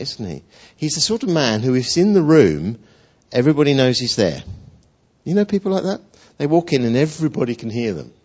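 Male preacher, storytelling sermon, husky voice, conversational. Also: mid-range voice. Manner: animated, acts out voices of figures, conversational. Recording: dull lo-fi recording.

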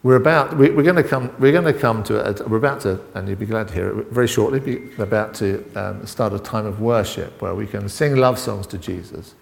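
A middle-aged man preaching an informal sermon, halting and full of restarts and asides as he talks with the congregation. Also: on the low side, vocal fry. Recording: long reverb in a hall.

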